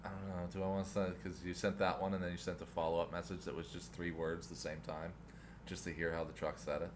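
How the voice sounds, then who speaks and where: A man's voice: sits low, level tone, fast talker, noisy background. A young adult man co-hosting a podcast in casual chat, rambling, laughing often and swearing casually. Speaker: podcast host.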